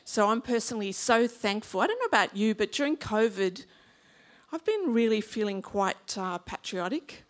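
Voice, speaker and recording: A woman's voice: mid-range voice, animated, normal speed. Chatty Australian woman pastor preaching. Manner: chatty, humorous, engages the congregation. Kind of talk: sermon.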